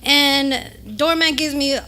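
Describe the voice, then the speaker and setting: Bright high-voiced woman telling a story. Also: slow pace. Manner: animated, swearing, laughing through a story. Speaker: podcast co-host. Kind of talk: casual chat, storytelling.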